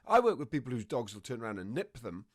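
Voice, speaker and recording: Animated man telling dog stories. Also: mid-range voice, quick pace. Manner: animated storytelling, acts out dog and owner voices. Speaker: dog behavior trainer. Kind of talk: conversational explanation.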